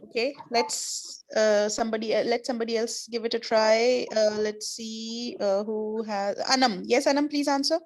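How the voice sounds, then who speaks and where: A woman's voice: fairly high pitch, fairly even intonation, normal speed, hardly any pauses. A woman teaching an online class, explaining patiently with repeated examples. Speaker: English teacher.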